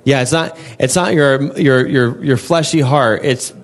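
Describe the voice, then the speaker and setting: A man's voice: mid-range voice, measured pace. A young adult man preaching an earnest, conversational sermon, often acting out his prayers and God's replies. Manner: earnest, conversational, acts out dialogue with God.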